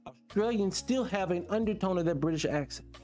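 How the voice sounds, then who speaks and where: A man's voice: a little fast, soft background music. A middle-aged man hosting a radio show, talking casually to listeners with lots of rhetorical questions. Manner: animated, rhetorical questions, pitch jumps when excited.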